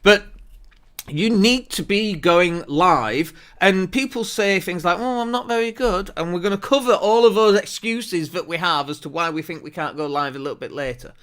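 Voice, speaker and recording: An energetic man hosting a marketing show, speaking emphatically to a camera on his desk. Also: high voice, brisk, hardly any pauses, clean tone. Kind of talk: to-camera business talk.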